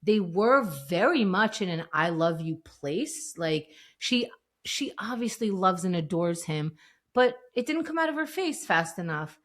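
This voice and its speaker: Podcast lady recapping a show scene, kinda low voice, acts out the quotes. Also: measured pace. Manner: animated retelling, acting out quoted lines. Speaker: podcast co-host. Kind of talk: casual chat recapping a TV scene.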